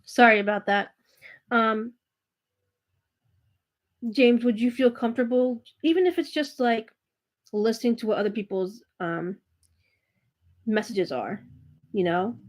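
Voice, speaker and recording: A woman giving a live tarot reading, speaking gently and reassuringly to a viewer, with frequent fillers and restarts. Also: a little high, measured pace, pauses often. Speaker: tarot reader and spiritual coach hosting a live reading. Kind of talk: live-stream chat with viewers.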